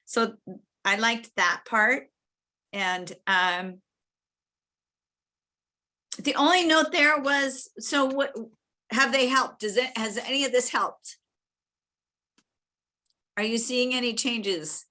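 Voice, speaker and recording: A woman giving a chatty, encouraging evaluation of a speech over a video call, slipping into lively quoted asides. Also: fairly high pitch, takes it slowly, pauses often. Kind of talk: spoken feedback on a speech.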